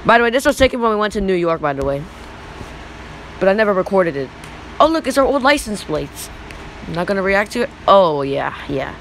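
A young male YouTuber in his teens giving rambling, excitable reaction commentary over old photos. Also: high voice, fast talker, creaky, slight background noise, poor audio. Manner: rambling, excitable, repeats "look".

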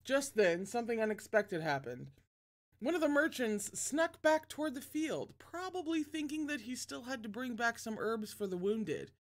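A woman hosting a casual livestream, chatting warmly and self-deprecatingly between reading a novel aloud. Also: fairly high pitch, animated, moderate pace.

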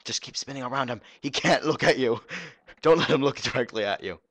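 A young man giving goofy, excitable commentary while streaming a game live. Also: mid-range voice, fairly quick, dry recording.

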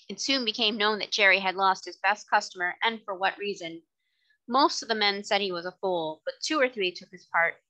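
Woman tutor, bright voice, reading a classic novel aloud, clear and measured. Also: medium pitch, poor audio.

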